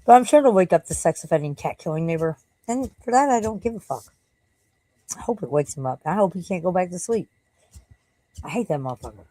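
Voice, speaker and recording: A woman's voice: lowish voice, expressive, fairly quick, dark tone, poor audio. A tired woman live streaming in casual, rambling chat, swearing freely and breaking off to scold and baby-talk her dog.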